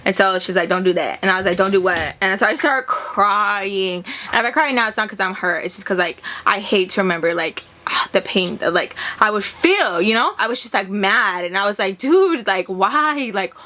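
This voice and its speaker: Bright, animated young woman telling a story. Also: medium pitch, a little fast, few pauses. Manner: animated, acts out dialogue, frequent swearing. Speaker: storytelling vlogger. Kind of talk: casual storytime.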